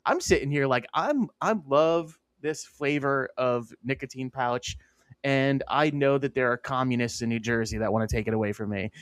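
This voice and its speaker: A man's voice: medium pitch, normal speed, clear, resonant tone, dry recording. A man from Pennsylvania co-hosting a podcast, telling rambling stories in casual banter and laughing often. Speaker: podcast co-host.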